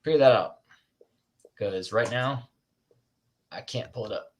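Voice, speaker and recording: A man's voice: mid-range voice, measured pace, pauses often. A man hosting a casual live-stream chat, rambling and self-conscious, laughing often and restarting his sentences. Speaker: host.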